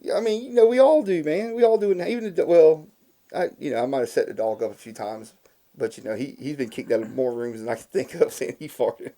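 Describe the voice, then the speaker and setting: A man's voice: a little high, fast. A man, a podcast guest telling long rambling stories in casual chat, often laughing at himself. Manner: rambling, animated, laughs at his own stories.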